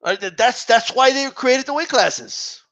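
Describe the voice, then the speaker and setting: A boxing channel host delivering an emphatic opinion rant, repeating himself and tossing in rhetorical asides. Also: male voice, very high voice, lively intonation, normal speed, gravelly, a bit bright.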